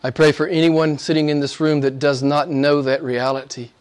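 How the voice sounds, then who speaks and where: A man preaching a sermon and praying to a live congregation, earnest, slowing down and stretching key words for emphasis. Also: fairly high pitch, flat delivery, clear, resonant tone.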